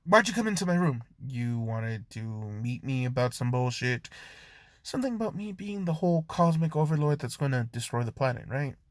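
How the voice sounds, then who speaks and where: Male narrator doing a furious young woman fighter, shrill and loud, short temper. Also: expressive, normal speed, no echo, lightly acted. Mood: scornful. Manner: shouting, insulting.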